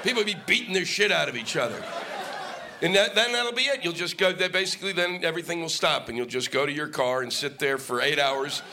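A man's voice: fairly high pitch, animated, a little fast. Ranting, profane male stand-up comic. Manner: profane, ranting, shouting bursts. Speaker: stand-up comedian. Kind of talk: stand-up comedy set. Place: comedy stage before a live audience. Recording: live stage mic with noisy audience.

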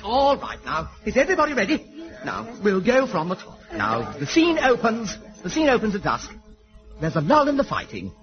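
An actor playing a flamboyant, excitable amateur theatre director who gushes. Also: male voice, high-pitched, moderate pace, over music. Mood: fussy. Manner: gushing, flamboyant. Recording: dull old TV sitcom recording.

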